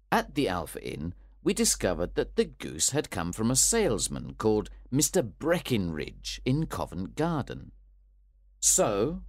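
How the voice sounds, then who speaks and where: A man narrating a storybook with a clear, even-paced reading. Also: fairly low pitch, no echo, clean studio sound.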